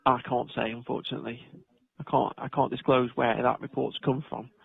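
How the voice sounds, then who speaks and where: A man with a gravelly, husky voice speaks as a housing officer over a tinny phone line. He is measured and procedural and often hesitates and restarts. The sound is dry and close. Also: medium pitch, level tone, no room sound. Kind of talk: phone call with a tenant.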